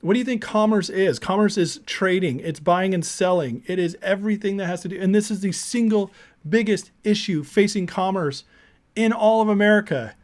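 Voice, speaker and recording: Brief: male commentary host, slightly high voice, emphatic and indignant rant. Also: moderate pace. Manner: emphatic, indignant, repeats words. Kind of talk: ranting commentary.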